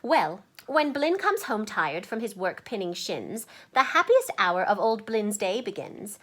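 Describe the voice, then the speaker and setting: A woman's voice: medium pitch, sing-song, unhurried. A woman reading a children's picture book aloud, playful and chatty, with asides between the verses and sometimes dropping to a whisper.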